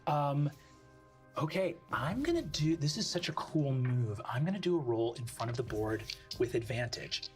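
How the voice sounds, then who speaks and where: A man narrating a tabletop game as game master, casual and halting. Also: mid-range voice, sing-song, soft background music.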